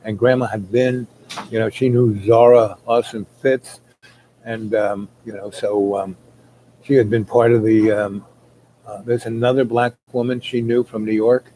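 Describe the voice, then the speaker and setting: A man's voice: mid-range voice, level tone, a little slow, warm tone, slight background noise, rough recording. A man telling a long rambling story, full of fillers, who acts out the people he quotes. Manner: meandering, many fillers, acts out quoted voices.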